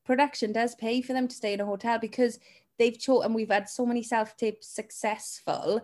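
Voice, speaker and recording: A woman's voice: fairly high pitch, fairly even intonation, normal speed, a little mellow. A woman talent agent co-hosting a casual podcast, chatty and often laughing as she tells stories.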